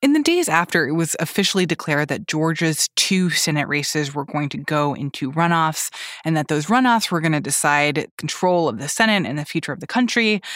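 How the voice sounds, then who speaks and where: A woman's voice: sits low, very animated, normal speed, fairly bright tone, no echo, clean studio sound. A woman hosting a news podcast, narrating in a conversational, lightly amused way. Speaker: podcast host.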